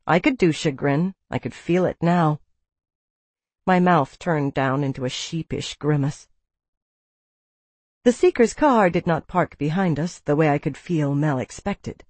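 An audiobook narrator reading a first-person novel in a measured, even storytelling manner on a close studio mic. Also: mid-range voice, no room sound.

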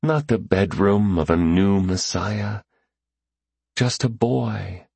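A man voicing a tired, protective young mother who speaks softly and slowly. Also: lowish voice, no room sound, pitched above the performer's own voice. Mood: tender.

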